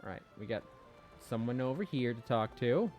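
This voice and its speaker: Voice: medium pitch, expressive, normal speed, darkish tone. A streamer giving offhand, sarcastic commentary while playing a game. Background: game music.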